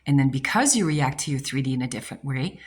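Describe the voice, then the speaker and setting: A woman's voice: a bass voice, expressive, fast, breathy edge. A woman coaching her audience on manifestation, emphatic and blunt, swearing casually and asking rhetorical questions. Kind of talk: motivational talk to camera.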